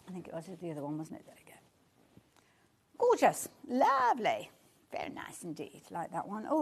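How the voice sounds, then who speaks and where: Her voice sits on the high side as she fronts a live shopping show. She talks about the items with warmth and reacts to what viewers write with gushing excitement.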